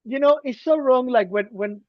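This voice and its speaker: A man's voice: very high voice, normal speed, no room sound. Podcast host, man, emphatic ranter, muffled dry recording. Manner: emphatic, ranting, shifts loud to soft. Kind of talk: casual podcast chat. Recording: dull, dry lo-fi sound.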